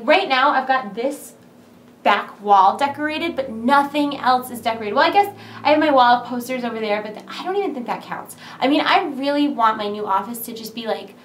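A young woman vlogging casually from home, rambling with lots of "like", excited and nervous, recorded on her camera mic in a big empty room. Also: on the high side, roomy sound. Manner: chatty, rambling, full of "like". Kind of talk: casual vlog chat. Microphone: camera's built-in mic.

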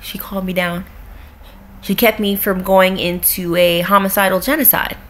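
A woman's voice: mid-range voice, steady tone, normal speed, fairly bright tone. A young woman at home, ranting bluntly and profanely in a casual vlog. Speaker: vlogger. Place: at home with her cat.

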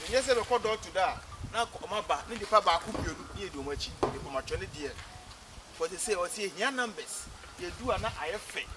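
A man with a Ghanaian accent pleading with supporters to campaign door to door, fast and insistent. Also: sits high, noisy background. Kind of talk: rallying speech.

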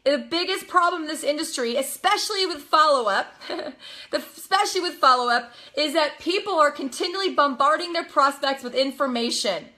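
A young woman coaching a live audience with a high, bright voice. She talks with emphatic energy and drops into playful acted-out quotes. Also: moderate pace. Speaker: network marketing coach. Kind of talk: live motivational talk.

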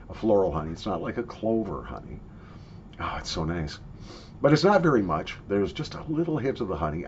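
A man's voice: on the low side, darkish tone, highs cut off, slight background noise. A man in a casual product review, chatty and jokey, coughing and sniffing between his remarks. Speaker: snuff reviewer.

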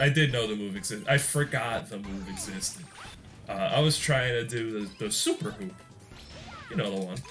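A man's voice: medium pitch, fairly bright tone. A young man hosting a gaming channel, giving casual gameplay commentary in a rambling, joking way and often laughing mid-sentence.

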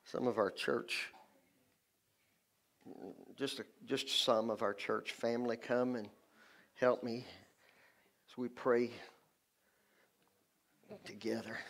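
A man's voice: medium pitch, level tone, slow pace, long pauses, fairly bright tone. A man leading a church service as pastor, fervently repeating short phrases for emphasis. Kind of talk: sermon. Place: church sanctuary.

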